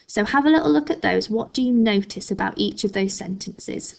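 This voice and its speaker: A woman primary school teacher reading a story aloud expressively, then explaining a writing task gently to her class. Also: mid-range voice, brisk, gravelly.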